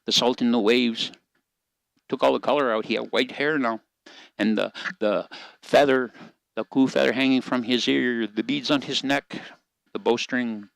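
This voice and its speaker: An older man tells a story in a gentle, measured voice, leaning into pauses. His pitch sits in the middle for a man. The recording is dry and close. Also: fairly even intonation, vocal fry, no room sound, low-quality recording. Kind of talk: telling a story aloud.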